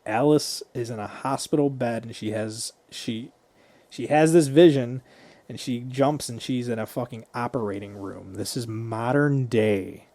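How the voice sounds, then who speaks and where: A man's voice: medium pitch, measured pace, dark tone, no echo. A man co-hosting a podcast, casually retelling a movie scene by scene and swearing freely. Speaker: podcast co-host.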